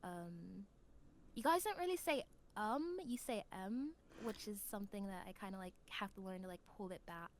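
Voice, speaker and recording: An American woman with a mid-pitched voice chats as a podcast guest. She talks in a self-deprecating way and fills her speech with fillers. A faint hiss of noise sits behind her. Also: sing-song, quick pace, hardly any pauses. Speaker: podcast guest, new voice actor. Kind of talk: casual podcast chat.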